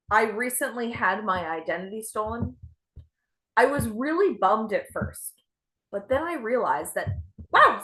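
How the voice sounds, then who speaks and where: A young adult woman doing a stand-up set with a self-deprecating, deadpan delivery. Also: a little high. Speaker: stand-up comedian.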